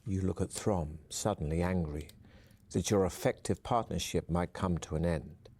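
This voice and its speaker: A man narrating a fantasy adventure game in the second person, calm and even. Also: low voice, normal speed.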